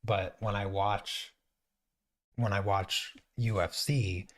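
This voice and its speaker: A man's voice: lowish voice, steady tone, slow. A man hosting a painting stream, chatting casually as he works and thinking aloud with frequent restarts. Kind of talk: casual chat while painting.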